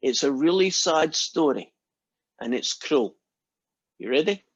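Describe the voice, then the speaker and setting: Chatty lecturer, higher voice. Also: male voice, expressive, a little slow, slightly rough, lo-fi sound. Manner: chatty, playful, addresses students by name. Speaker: math lecturer. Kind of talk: casual classroom joke-telling.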